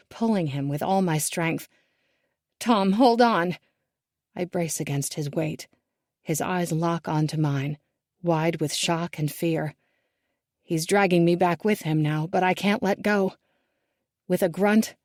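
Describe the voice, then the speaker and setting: A woman narrating a first-person thriller audiobook in a measured, hushed and tense manner. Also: fairly low pitch, dry recording, studio quality.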